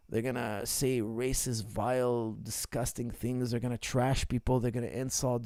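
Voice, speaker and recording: A man's voice: medium pitch, mellow, no echo, clean studio sound. A man in his forties, a martial arts coach answering viewer questions in a casual livestream, blunt and emphatic, repeating his key points. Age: 40s.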